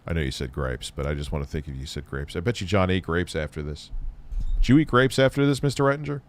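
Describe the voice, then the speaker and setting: Fast, expressive and low-pitched, this livestream host tears into an old tech review video. He keeps the commentary casual, tossing in sarcastic remarks and swearing.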